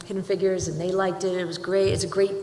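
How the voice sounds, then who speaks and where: Middle-aged woman panelist, chatty, restarts her sentences, booming hall reverb, faint hiss. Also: little pitch movement, fast, a little mellow. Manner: chatty, self-interrupting, laughs often. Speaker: panelist, screenwriting teacher. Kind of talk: panel discussion, casual. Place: large auditorium. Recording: roomy hall with long reverb.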